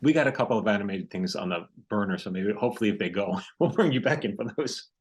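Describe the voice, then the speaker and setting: Lively-voiced male podcast host. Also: fairly low pitch. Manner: conversational, quick back-channel replies. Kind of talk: casual interview.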